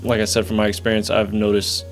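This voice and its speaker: A man talking in a relaxed, reflective way about his own experience in a casual podcast chat. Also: on the low side, quick pace, faint music behind.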